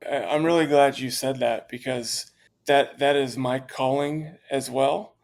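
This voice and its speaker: A man's voice: mid-range voice, steady tone, measured pace, gravelly. A man who owns a franchise, interviewed as a podcast guest, explaining his business in a confident, conversational way with many fillers and restarts. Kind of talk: candid interview talk.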